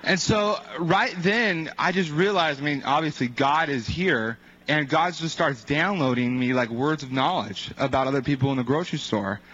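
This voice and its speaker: A man tells a testimony in loose, casual speech, stumbling over fillers and slipping into the voices of the people in his story. His voice sits a little higher than most men's. The recording is muffled and lo-fi. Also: normal speed, hardly any pauses, a bit bright. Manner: rambling storyteller with many fillers and acted-out quotes. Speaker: evangelist sharing a testimony. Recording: dull lo-fi recording.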